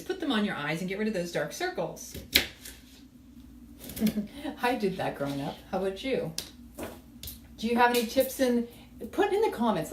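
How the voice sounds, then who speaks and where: A middle-aged woman hosting a cooking show, chatting loosely to viewers while she cooks, telling rambling stories and asking for their tips. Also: medium pitch. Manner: rambling, storytelling, asks viewers for comments. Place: kitchen. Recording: echoey room, mic far off, background noise.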